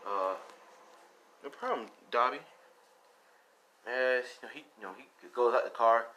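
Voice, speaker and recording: A man's voice: mid-range voice, sharp tone, slight background noise. A man casually retelling a fan story, rambling along with lots of fillers and swearing.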